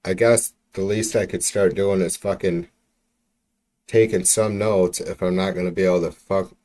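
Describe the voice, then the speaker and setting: A man with a low, mellow, steady voice hosts a livestream at a moderate pace, captured on a computer mic. His political commentary is a casual rant, exasperated and profane, with lots of restarts.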